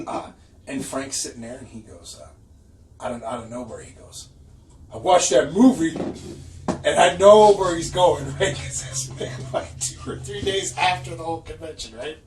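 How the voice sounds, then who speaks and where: This man's voice sits on the high side and moves at a normal pace as he co-hosts a laid-back podcast. He tells animated, profane stories and laughs frequently, recorded from a distance in an echoey room with faint noise.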